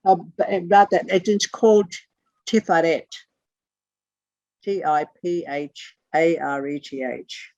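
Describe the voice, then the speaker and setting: A teacher runs an online lesson over a video call, pausing to spell out each term letter by letter. The talk is blunt and sometimes profane. The sound is lo-fi and muffled, with a close, dry, roomless quality. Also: mid-range voice, fairly even intonation, a little mellow, dry recording.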